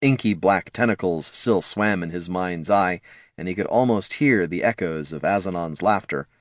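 A man narrating a fantasy audiobook in a lively, expressive reading style. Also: low voice, moderate pace, no echo, clean studio sound.

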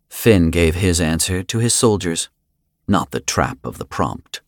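A man narrating a fantasy story in a dramatic, expressive way. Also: low voice, unhurried, dry recording, studio quality. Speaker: audiobook narrator. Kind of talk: scripted narration.

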